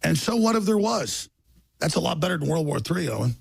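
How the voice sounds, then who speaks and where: Ranting male broadcaster with a gravelly, husky voice; loud and fast, rather high-pitched and bright. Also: sing-song. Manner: shouting, fast, emphatic. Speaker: talk show host.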